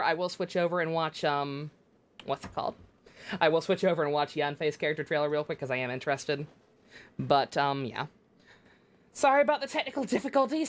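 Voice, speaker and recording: A woman livestreaming a game, chatting casually in a rambling way with many restarts and frequent swearing. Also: mid-range voice. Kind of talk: casual gameplay commentary.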